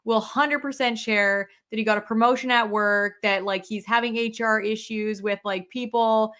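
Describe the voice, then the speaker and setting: A young woman co-hosting a casual podcast in a fairly high voice. She reflects out loud and fills her sentences with likes. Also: steady tone, normal speed. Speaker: podcast co-host. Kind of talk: casual chat.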